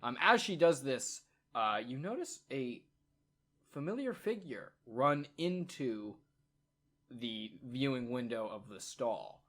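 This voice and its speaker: A man narrating a tabletop game as game master, in a casual, halting way with many fillers. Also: mid-range voice, very animated, fairly bright tone.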